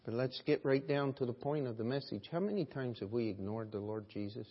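Speaking fairly quickly in a slightly rough, middle-pitched voice, a man preaches a sermon full of pointed questions aimed at his listeners. He is earnest and rhetorical, dropping low and then rising loud. The recording is muffled and echoes like a large hall.

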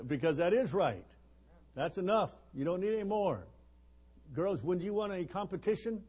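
A man's voice: a little high, a little mellow, husky. A man in his seventies preaching a folksy sermon at a missions conference, joking and rambling with chuckles and fillers.

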